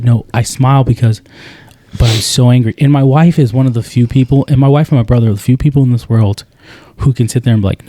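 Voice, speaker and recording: A man co-hosting a podcast, talking earnestly in a casual conversation, with many halting restarts. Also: medium pitch, fairly even intonation, dark tone, dry recording. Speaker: podcast co-host.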